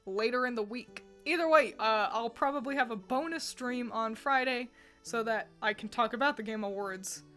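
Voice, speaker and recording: Woman streamer rambling to chat, kinda high voice, giggles a lot. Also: normal speed, fairly bright tone, soft background music. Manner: rambling and giggly, laughs often between thoughts. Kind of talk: casual livestream chat answering viewers.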